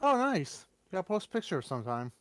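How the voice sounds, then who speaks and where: A man's voice: high-pitched, big pitch swings, moderate pace, over a noisy crowd. A man chatting casually on a live stream with a friend, teasing him in a friendly way.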